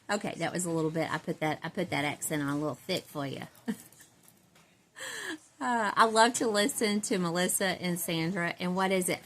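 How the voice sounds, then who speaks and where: Chatty woman, low voice. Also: moderate pace, a bit bright, a little hiss or hum. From Central Texas. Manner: rambling, chatty, laughs often, self-described country girl. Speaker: doll-collecting vlogger. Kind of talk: casual chat to viewers.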